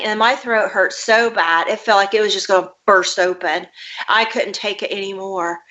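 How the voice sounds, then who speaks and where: A woman's voice: mid-range voice, sharp tone. A woman guest recounting a personal childhood memory in an earnest, detailed way. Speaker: interview guest, author. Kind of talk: personal storytelling. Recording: dull lo-fi audio.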